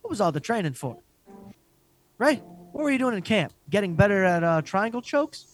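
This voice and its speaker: A man's voice: high voice, moderate pace, soft background music. A man co-hosting a podcast, ranting and joking in casual chat with lots of swearing. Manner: profane, joking, excitable rants. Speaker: podcast co-host.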